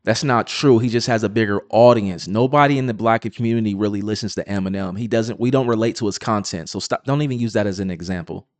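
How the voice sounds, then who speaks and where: A man's voice: lowish voice, fast, hardly any pauses, no room sound. A man giving combative, insistent reaction commentary on a clip.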